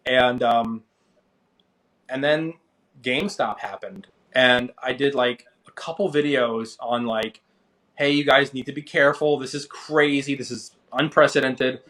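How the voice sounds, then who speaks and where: Guest: thirties man, casual storyteller, lively when quoting others. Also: measured pace. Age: 30s. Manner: animated, acts out quoted people with rising pitch. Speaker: interview guest, finance creator.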